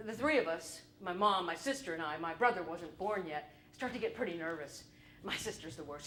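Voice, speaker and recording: A woman performing a solo stage show, telling her family story in an animated, comic, wry way. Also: lowish voice, quick pace. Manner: animated, comic, shifts between wry and loud.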